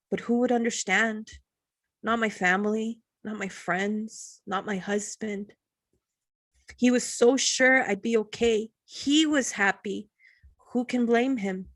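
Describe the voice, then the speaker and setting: A woman reading her own poetry at an online open mic from home, slow and measured, pausing between lines. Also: a little high, no echo.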